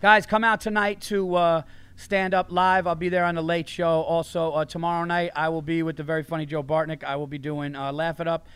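Male comic podcast host, slightly high voice, dry close sound, casual rambling delivery. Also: flat delivery, a little fast, a bit bright, clear, resonant tone, dry recording. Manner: laughing storyteller, loose and profane. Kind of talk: casual comedy podcast chat. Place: festival podcast recording.

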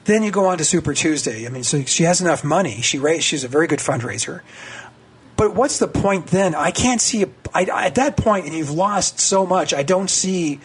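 A husky-voiced man in his sixties talks politics as a guest on a radio show. He gets excited easily, his voice climbing high as he trips over restarts, and sits a little higher in pitch than most men. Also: moderate pace. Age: 60s. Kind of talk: casual political radio chat.

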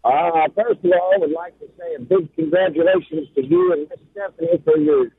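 A man from Arkansas with a Southern accent, calling in to a radio show, polite and earnest, a bit halting. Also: high-pitched, wildly swooping pitch, gravelly, husky, no echo. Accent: Southern American. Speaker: caller. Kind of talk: call-in question. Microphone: telephone. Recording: tinny phone line.

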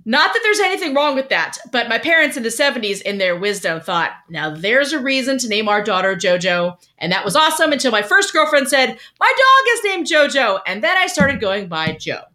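A middle-aged woman guesting on a podcast, telling a story in a wry, animated way. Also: a little high, fairly quick, hardly any pauses. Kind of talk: casual podcast chat.

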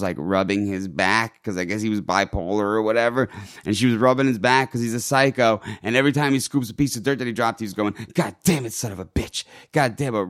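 A man tells a crude, lively story in casual conversation, swearing freely and shouting out the quoted lines. His voice sits in a middle register. The sound is dry and close to the mic. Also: medium pitch, no room sound. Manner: profane, animated, acts out shouting in quotes.

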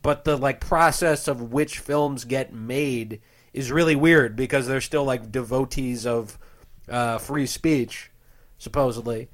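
A man's voice: medium pitch, unhurried. Thoughtful, hedging man in casual chat.

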